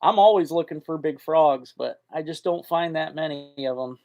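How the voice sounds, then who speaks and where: A man's voice: fairly high pitch, moderate pace, a little mellow. A man hosting a live fishing chat, talking in a folksy, rambling way and answering viewers' comments. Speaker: fishing channel host. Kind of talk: casual live-stream chat.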